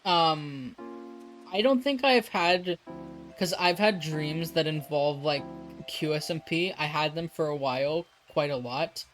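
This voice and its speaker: A streamer on a live broadcast talks at a mid pitch in a loose, rambling way, laughing often and swearing freely. Faint music plays underneath. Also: a little slow, a bit bright, rough recording. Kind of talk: casual live-stream chat while drawing.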